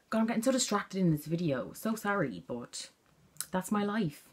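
A woman's voice: medium pitch, sing-song, slow, pauses often, husky. A young Irish woman chatting casually to camera at home, rambling and easily distracted, with an Irish accent. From Ireland. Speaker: vlogger.

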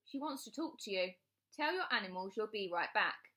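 A woman's voice: mid-range voice, lively intonation, moderate pace, pushed and bright. A woman voicing a mocking older sister in a children's book reading. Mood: teasing. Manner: mocking, teasing.

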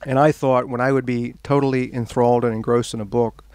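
A man speaks at a bookstore event, telling a funny story to a gathered audience with lively, animated delivery. His voice sits at an ordinary middle pitch. The mic sound is dry and close, with little room echo. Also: brisk, smooth. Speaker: author at a bookstore talk.

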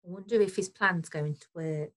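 A woman teacher reading a storybook aloud to children, expressive and gentle, pausing to explain the story. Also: fairly low pitch, rough recording. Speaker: primary school teacher.

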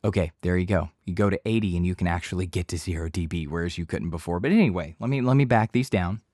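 A man's voice: deep voice, fast, a little mellow, no echo. A man casually explaining voice-over recording levels as an instructor, talkative and easygoing, with fillers and repeats, recorded on a studio microphone.

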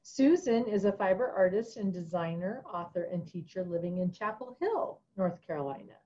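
A woman's voice: mid-range voice, animated, moderate pace, warm tone. Woman curator hosting a virtual panel; upbeat intros, dull lo-fi audio.

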